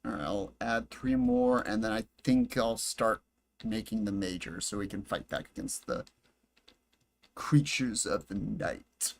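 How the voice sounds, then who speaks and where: A man with a fairly low voice and normal speaking speed commentates his live game stream casually through a headset at home. Chatty and jokey, he talks both to chat and to himself, in a room with air conditioning and bright lights.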